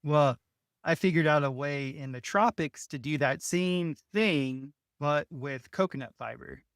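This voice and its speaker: Guy rambling through a story, smooth clear voice, dry close sound, keeps restarting. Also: fairly high pitch, measured pace, fairly bright tone, no room sound. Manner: rambling, restarts often, laughs between phrases. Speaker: interview guest, artisan dome builder. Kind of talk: casual conversational storytelling.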